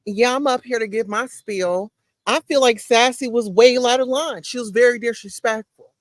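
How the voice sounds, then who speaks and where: A woman joining a live stream discussion, animated and accusatory as she lays out her view. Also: a little high, normal speed, no room sound.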